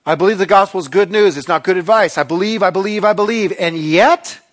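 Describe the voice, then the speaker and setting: A man preaching a sermon, earnest and confessional, swinging from loud emphasis to hushed asides. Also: high-pitched, brisk. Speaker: pastor.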